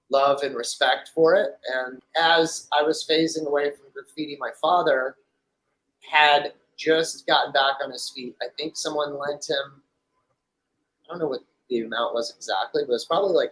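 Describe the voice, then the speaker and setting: A middle-aged Frenchman with a somewhat high, slightly bright voice rambles through long stories as a guest in a casual storytelling interview, captured on a low-quality recording. He uses many fillers and acts out the voices of people he quotes.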